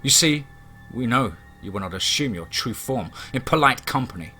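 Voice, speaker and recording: A man's voice: mid-range voice, lively intonation, normal speed, sharp tone, faint music behind. A man doing an arrogant biker gang leader. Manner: arrogant, taunting.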